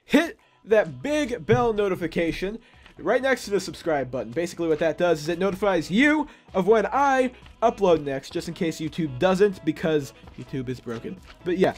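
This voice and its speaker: A young man giving gameplay commentary as a YouTuber, excitable and prone to panicked yelps and screams before dropping back to quiet muttering. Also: sits high, normal speed, faint music behind. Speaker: gaming YouTuber.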